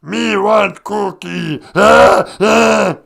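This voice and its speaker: A co-host on a comedy live stream doing a puppet monster impression, a gravelly, growling male creature who shouts slow, drawn-out grunts about cookies. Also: medium pitch, full character voice. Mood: ravenous.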